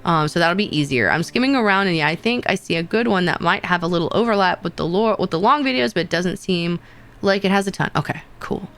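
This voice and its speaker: A woman's voice: on the low side, expressive, quick pace, fairly bright tone. A woman streamer casually chatting with her viewers in a playful, rambling way, often laughing and repeating herself. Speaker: VTuber streamer.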